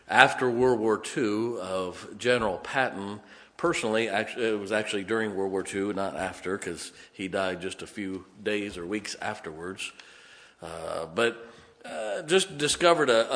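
A man's voice: lowish voice, a bit bright. A man preaching a sermon, telling stories in a folksy way and often correcting himself mid-sentence. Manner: folksy storytelling, self-correcting. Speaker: pastor. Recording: long hall reverb.

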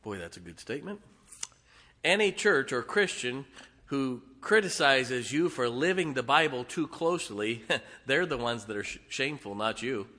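Older preacher man, bright, echoing hall. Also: lively intonation, moderate pace. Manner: emphatic, swings from booming declarations to quiet wry asides. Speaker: pastor. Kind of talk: sermon. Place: church sanctuary. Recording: long hall reverb.

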